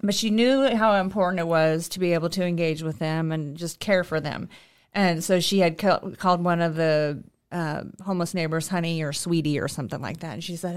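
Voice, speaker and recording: Lower-voiced woman sharing an anecdote. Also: fairly quick, clean tone. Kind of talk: casual conversation.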